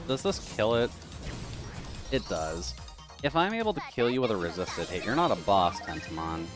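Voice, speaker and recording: Low-voiced sarcastic male game streamer. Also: big pitch swings, moderate pace, music in the background. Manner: sarcastic, muttering, swears. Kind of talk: casual live gameplay commentary.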